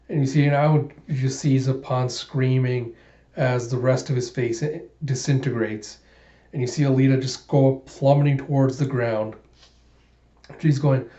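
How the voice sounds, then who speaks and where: A man's voice: medium pitch, fairly even intonation, a little slow, dark tone. A man narrating a comic readthrough, retelling it casually with enthusiasm and emotion. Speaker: manga reader and vlogger. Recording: roomy, dull home recording.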